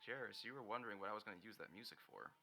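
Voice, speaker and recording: A man's voice: on the low side, rapid-fire, pushed and bright. A man narrating a tabletop game as dungeon master, rambling with lots of fillers.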